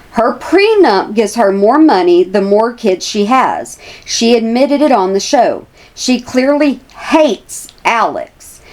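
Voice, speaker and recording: Chatty woman, lively pitch. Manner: chatty, repeats herself, addresses viewers as y'all. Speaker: commentary vlogger. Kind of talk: casual opinion commentary.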